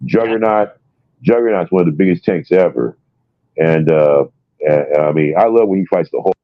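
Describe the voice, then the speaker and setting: A man telling a story with excitement, full of fillers and swearing, in casual chat. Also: sits low, normal speed, no room sound. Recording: dry, dull lo-fi sound.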